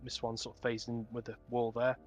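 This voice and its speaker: A man narrating as the dungeon master, talking in a halting way with many ums and restarts. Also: mid-range voice, completely flat delivery, faint music behind. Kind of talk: narrating a tabletop game.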